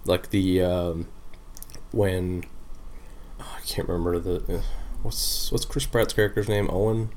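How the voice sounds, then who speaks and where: A man's voice: sits low, fairly even intonation, unhurried, pauses often, a little mellow. A man co-hosting a casual review chat, rambling with lots of fillers and the odd swear. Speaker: podcast co-host.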